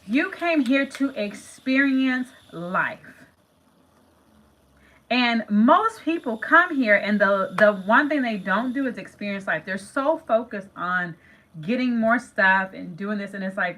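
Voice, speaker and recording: A woman's voice: medium pitch, expressive, unhurried, fairly bright tone, low-quality recording. A middle-aged woman hosting a manifestation channel, talking casually and emphatically to viewers, repeating phrases and calling them "you guys". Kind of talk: casual talk to camera.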